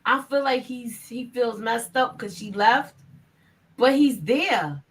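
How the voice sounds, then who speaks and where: A woman with a New York accent, a panelist in a casual recap chat, emphatic and animated. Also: on the high side, slow. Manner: animated, emphatic, repeats herself.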